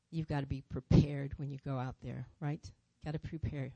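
A woman speaking in church, telling her testimony as a lively story with repeated phrases. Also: sits low, moderate pace, hardly any pauses, dry recording. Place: church sanctuary.

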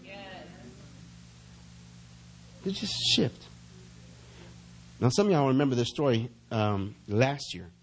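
A man's voice: medium pitch, big pitch swings. Middle-aged guy pastor preaching, voice jumps all over, draws out the verses, gets folks to call back. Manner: preaching with swelling intensity, slow drawn-out reading of verses; calls for congregation responses. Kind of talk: sermon.

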